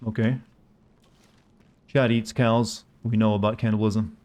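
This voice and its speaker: A man's voice: lowish voice, level tone, a little slow, a little mellow. A man with a Southern US accent chatting casually while he streams a game, rambling as he answers his chat. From Southern United States.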